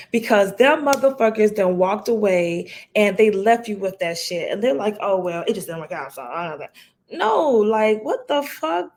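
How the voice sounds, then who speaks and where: Woman, podcast co-host, blunt, profane, animated, medium pitch. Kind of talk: casual chat.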